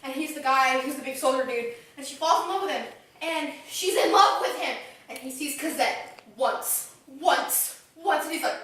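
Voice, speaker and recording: A woman giving a casual, animated plot recap and acting out the characters' lines. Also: sits high, moderate pace. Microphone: phone. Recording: echoey room, far from phone mic.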